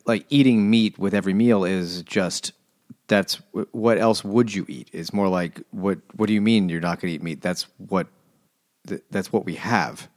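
A man's voice: deep voice, moderate pace, darkish tone, no room sound, clean studio sound. A man chatting casually and profanely about a book with friends, rambling and trailing off as he explains. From United States. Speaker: podcast co-host. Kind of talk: casual book-club chat.

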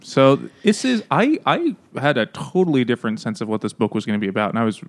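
A man in casual chat on a podcast, co-hosting and telling a story with jokes and a rambling, loose delivery. His voice sits at an ordinary middle pitch for a man. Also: animated, fast. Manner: joking, rambling. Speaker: podcast co-host.

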